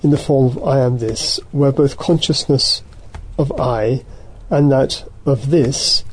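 A man teaching a study group, reading passages aloud and then explaining them in a halting, thoughtful way, often correcting himself mid-sentence. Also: mid-range voice, slight background noise, rough recording.

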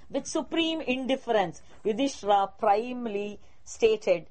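A woman's voice: medium pitch, lively intonation, measured pace, darkish tone. Woman reading an epic tale aloud. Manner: reads a prepared text, with small slips and restarts. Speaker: storyteller. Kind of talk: read-aloud story narration.

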